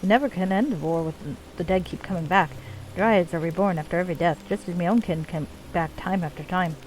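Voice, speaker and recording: A woman voicing a gruff male dwarf clan leader, weary of endless war, in a put-on Scottish accent. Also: on the low side, fairly quick, darkish tone, slight background noise, lightly acted, rough recording. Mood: somber. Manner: gruff, archaic folksy dwarf speech. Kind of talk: reading game dialogue aloud.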